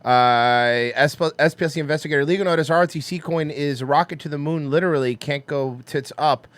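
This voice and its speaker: A man's voice: fairly high pitch, a little fast, a bit bright, no room sound. A man hosting a comedy podcast, chatting loosely and crudely with plenty of jokes. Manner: crude, joking, rambling. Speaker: podcast host. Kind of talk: casual comedy podcast chat.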